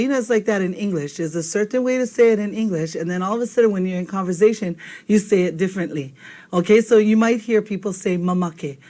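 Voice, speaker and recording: A woman's voice: mid-range voice, darkish tone. A woman teaching a video language lesson, patient and checking in with listeners often. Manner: patient, checks in with frequent "okay?".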